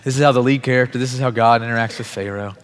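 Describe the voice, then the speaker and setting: A man's voice: mid-range voice, steady tone, rapid-fire, clear, resonant tone. A man in his thirties, a pastor giving a sermon in an earnest, conversational storytelling way. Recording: long hall reverb.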